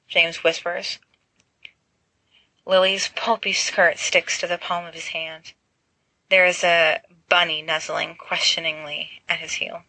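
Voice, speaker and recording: A woman reads fiction aloud in a lively audiobook style. Her tone is bright and forward, her pitch a little low. The recording is dry and close. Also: a little slow, no echo, poor audio. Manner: lively, puts on voices for each character. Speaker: reader. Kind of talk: audiobook narration.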